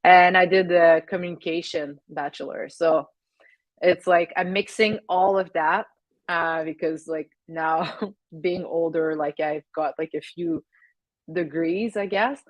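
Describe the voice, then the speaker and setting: A woman's voice: lowish voice, fairly even intonation, a little slow, no room sound. A woman in her thirties with a French Canadian accent, a guest in a casual interview, talking hesitantly with many fillers. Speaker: guest, Olympic speed skater.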